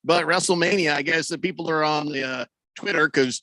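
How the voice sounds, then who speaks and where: A man's voice: on the high side, a little fast, few pauses, pushed and bright, dry recording, studio quality. A male sports radio host trading sarcastic, mock-outraged banter and reading listener messages aloud. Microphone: studio microphone.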